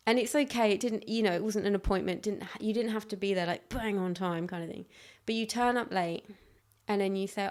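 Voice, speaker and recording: A woman's voice: medium pitch, a little mellow. A woman hosting her own podcast, talking frankly and casually on her own, often acting out little exchanges. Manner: frank, chatty, with quick restarts and acted-out quotes. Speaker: podcast host. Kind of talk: casual solo podcast monologue.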